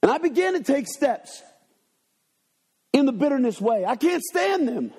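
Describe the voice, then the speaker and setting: A man preaching a sermon to his congregation from a church, swinging between loud, urgent passages and low, hushed ones, with call-and-response phrases. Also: very animated, a little slow. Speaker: pastor. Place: church sanctuary.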